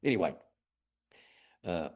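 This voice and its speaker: Middle-aged West Texas man, low voice, folksy rambling storyteller, interview guest. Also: big pitch swings, slow, a little mellow, husky. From Lubbock, Texas. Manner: rambling, folksy, self-deprecating. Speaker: guest artist.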